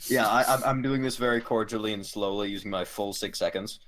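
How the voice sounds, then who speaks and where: A man's voice: fairly low pitch, a little fast, a bit bright. A young man playing a tabletop game, hamming up his character in a playful way. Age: young adult. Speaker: player. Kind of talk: casual tabletop role-play.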